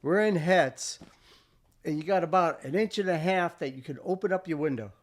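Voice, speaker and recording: An older American man, a veteran, telling a war story in casual chat, swearing freely and acting out what people shouted. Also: fairly high pitch, normal speed. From United States. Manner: animated, swearing, acts out shouted quotes. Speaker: veteran guest.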